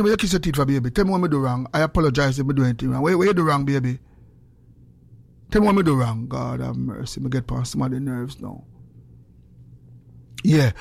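High-voiced Jamaican man chatting live. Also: vocal fry, no echo. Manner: playful teasing, calls out viewers by name. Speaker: livestream host. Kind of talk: casual live chat greeting viewers.

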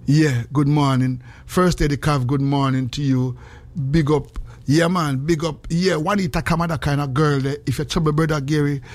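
Lively Jamaican man on morning radio. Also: a little high. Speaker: radio host. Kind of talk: morning radio banter in patois.

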